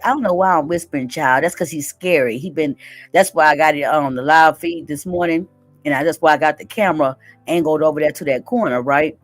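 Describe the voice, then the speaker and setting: A woman's voice: low voice, brisk, soft background music. A woman hosting a live stream, reading daily affirmations aloud and chatting casually, often asking "right?". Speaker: livestream host.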